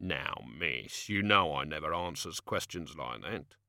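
A man voicing a grumpy working-class male doorman who talks low, gruff and muttering. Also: lively intonation, unhurried, sharp tone, no echo, clean studio sound, full character voice. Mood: grumbling.

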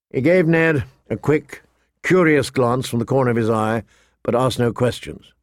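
A man's voice: mid-range voice, no echo. Man narrating a story, dry close sound. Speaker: audiobook narrator. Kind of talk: scripted narration.

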